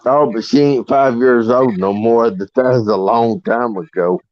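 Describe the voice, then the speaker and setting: A man's voice: mid-range voice, steady tone, a little slow. A man, talking in an earnest, folksy way on a livestream. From Arkansas. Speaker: livestream guest. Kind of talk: casual chat. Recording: dry, dull lo-fi audio.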